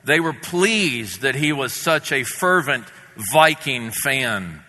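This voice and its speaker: Slow, bright-voiced preacher telling a story. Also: male voice, medium pitch, expressive. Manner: measured, vivid storytelling. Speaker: pastor. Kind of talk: sermon storytelling. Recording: long reverb in a hall.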